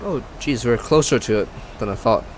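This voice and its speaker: A man's voice: mid-range voice, animated, fairly quick, slight background noise, low-quality recording. Chatty self-mocking streamer guy. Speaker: flight sim streamer. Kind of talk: casual live-stream commentary.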